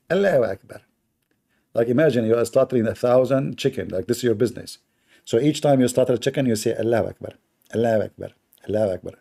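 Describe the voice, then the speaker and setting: A man's voice: lowish voice, vocal fry, dark tone. A man hosting a debate livestream, talking sarcastically and mockingly to his chat.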